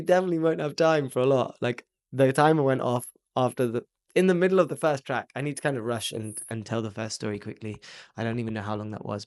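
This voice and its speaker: A young man with an English accent rehearsing a stand-up routine, telling stories in a rambling way with lots of fillers. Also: medium pitch. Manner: rambling, filler-heavy storytelling. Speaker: aspiring comedian and rapper.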